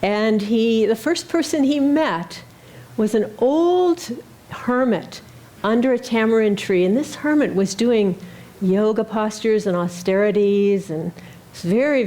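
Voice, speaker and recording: A woman speaking at a Sunday service, telling a spiritual story in a gentle manner with some hesitant fillers. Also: mid-range voice. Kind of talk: sermon storytelling.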